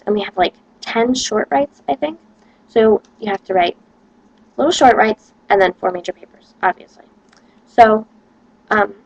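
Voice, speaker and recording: A woman's voice: mid-range voice, dry recording, poor audio. A young woman, a college student, rambling casually to camera and complaining with lots of "like". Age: young adult.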